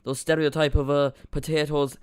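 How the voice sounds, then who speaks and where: A man's voice: fairly high pitch, level tone, normal speed, darkish tone, smooth, no room sound, studio quality. A young Irish man chatting casually while streaming a football watchalong from home, rambling with frequent restarts. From Ireland. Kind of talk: casual live commentary.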